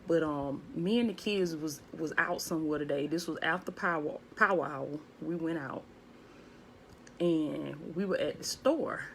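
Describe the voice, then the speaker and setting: A woman hosting a live stream from home, talking in a laid-back, hushed way and greeting viewers by name. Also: low voice, a little hiss or hum. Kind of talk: casual spiritual live-stream talk. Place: at home, indoors.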